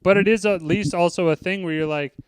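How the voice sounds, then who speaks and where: A man co-hosting a casual sports and music podcast, talking in an animated way, swearing, and acting out what other people said. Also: sits high, fairly quick, clean tone, no room sound. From Chicago. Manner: animated, swearing, acts out quoted lines. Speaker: podcast co-host. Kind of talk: casual chat.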